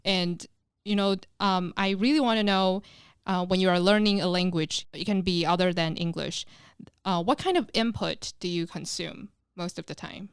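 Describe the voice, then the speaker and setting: Emphatic woman English teacher, smooth voice. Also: fairly low pitch, moderate pace, dry recording. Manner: lively, emphatic, opinionated. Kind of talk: casual podcast chat. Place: recording studio.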